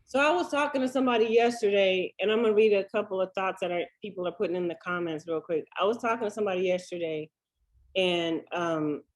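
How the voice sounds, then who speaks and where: A woman's voice: medium pitch, fast, low-quality recording. A woman hosting a public panel conversation, affirming her guests and calling them "sis" and "sweetheart.". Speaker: host and moderator.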